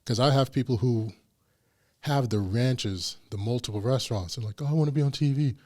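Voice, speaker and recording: A man's voice: mid-range voice, a little fast. A man hosting a casual podcast chat, telling stories and acting out the voices of the people in them. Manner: animated storyteller, acts out quoted voices. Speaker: podcast host.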